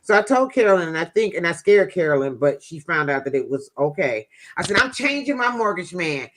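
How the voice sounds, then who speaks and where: A woman's voice: deep voice, fairly quick. A woman vlogger casually telling viewers a personal story in a chatty, folksy way.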